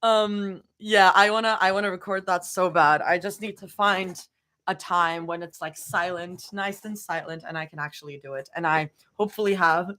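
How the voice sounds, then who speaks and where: A woman's voice: lowish voice, steady tone, moderate pace, pushed and bright, no room sound. Young woman, casual livestream chat, giggly, rambling, dry sound. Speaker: livestream fanfiction reader.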